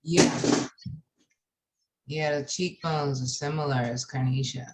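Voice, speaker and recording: A woman's voice: low voice, fairly even intonation, slow pace, darkish tone, slight background noise, low-quality recording. A woman participant chatting casually in an online Q and A.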